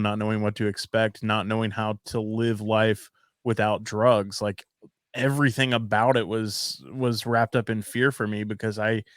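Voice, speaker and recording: Candid lowish man, plainspoken. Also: smooth, no echo, clean studio sound. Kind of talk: casual interview chat.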